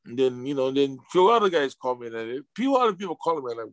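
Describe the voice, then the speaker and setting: Male interview guest, mid-pitched, emotional storyteller who stumbles and repeats, dry close sound. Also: sing-song, quick pace, no echo. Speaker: interview guest, retired sumo wrestler.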